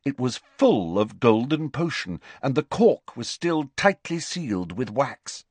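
Animated male audiobook narrator. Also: mid-range voice, unhurried, few pauses, slightly rough, no room sound. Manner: animated, dramatic reading. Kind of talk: scripted narration.

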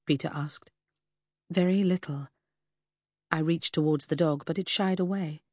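Husky lady reading a novel out loud, calm and even, dry close mic. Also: low voice, a little fast, no room sound. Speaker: audiobook narrator. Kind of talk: first-person audiobook narration.

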